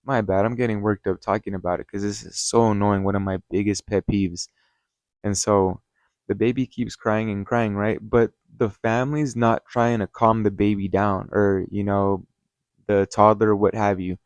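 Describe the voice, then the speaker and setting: A man with a low-pitched voice gives a casual story-time review as the host of his channel. He rambles and gets heated, swearing often and filling gaps with "you know". The sound is dry and close, with no room echo. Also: fairly even intonation, moderate pace.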